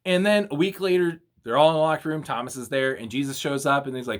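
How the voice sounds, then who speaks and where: A young man, a youth minister, giving a casual video devotional and retelling a story in an animated, slangy way. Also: a little high, fairly quick, hardly any pauses.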